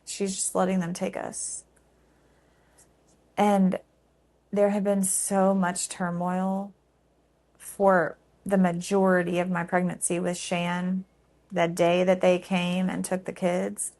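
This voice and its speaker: Woman telling a painful memory. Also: on the low side. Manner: emotional, halting, many fillers. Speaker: storyteller. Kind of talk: personal storytelling.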